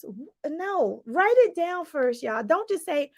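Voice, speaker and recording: A woman life coach giving a lively motivational talk to viewers, calling them y'all. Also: high voice, slow, a little hiss or hum. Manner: animated, preachy, addresses viewers as y'all.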